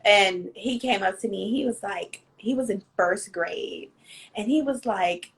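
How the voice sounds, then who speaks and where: A young woman hosts a casual interview with a husky, slightly high voice. She tells stories with a lot of swing in her pitch and acts out the people in them. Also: fairly quick. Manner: animated storytelling, acts out quotes, laughs often. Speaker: interviewer, podcast host. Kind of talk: casual chat.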